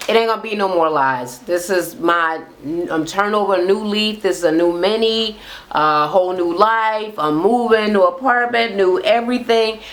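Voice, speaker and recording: A woman putting on a lower, softer voice as a woman apologizing and promising to change. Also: moderate pace, close to an everyday voice. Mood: pleading.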